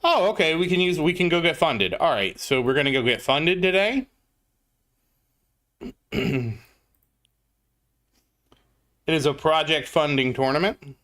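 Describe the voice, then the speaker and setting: Lively, bright-voiced man streaming a game. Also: on the high side, moderate pace, long pauses. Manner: chatty, greets chat viewers by name. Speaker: gaming livestreamer. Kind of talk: casual gameplay commentary.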